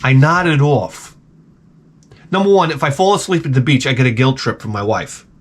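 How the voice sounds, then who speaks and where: A man's voice: medium pitch, moderate pace. A middle-aged man vlogging, telling a casual, rambling, self-mocking story and swearing freely.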